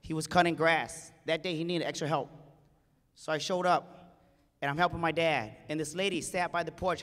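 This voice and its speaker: On a conference hall stage, a man gives a heartfelt speech, emotionally telling a family story and acting out the quoted voices. His voice is a little high and fairly bright, with fairly even intonation at normal speed, and the large hall adds reverb.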